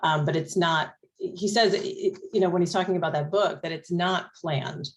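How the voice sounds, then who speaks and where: Woman moderator, low voice, chatty and enthusiastic, discussion. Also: fairly even intonation, normal speed. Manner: chatty, enthusiastic, many "you know"s. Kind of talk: discussion talk.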